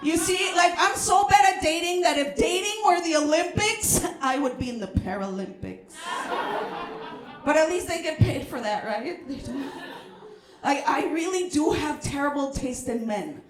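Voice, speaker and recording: A Mexican American woman performing a stand-up comedy set, brash and loud, shouting her punchlines and dropping in Spanish words. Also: high voice, lively intonation, normal speed, a crowd in the background. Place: comedy club stage with audience. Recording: roomy club echo.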